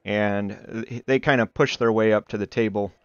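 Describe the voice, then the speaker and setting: A man's voice: fairly low pitch, steady tone, normal speed, clear, resonant tone, no room sound, highs cut off. A man narrating as dungeon master in a tabletop game, describing scenes with many hesitant fillers.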